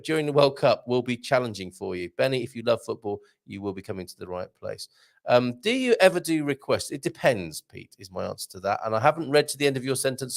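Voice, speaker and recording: Man, live-stream host, chatty and jokey, gravelly voice, lively up-and-down pitch. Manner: chatty, jokey, reads out comments. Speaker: live show host reading viewer comments. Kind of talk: casual live-stream chat.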